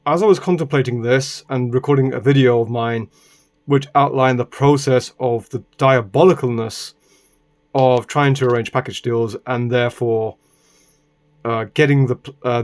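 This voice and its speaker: A man from Britain, recording himself indoors, telling a rambling story and often checking in with "right?" between exasperated asides. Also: medium pitch. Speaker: vlogger. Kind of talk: casual storytelling monologue.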